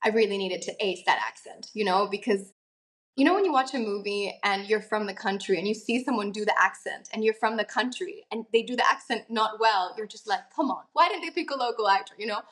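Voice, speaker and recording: Young italian-born actress chatting loosely, ums and likes everywhere. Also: female voice, mid-range voice, brisk, fairly bright tone. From Italy. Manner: chatty, many fillers and laughs. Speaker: actress, guest. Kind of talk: casual interview talk.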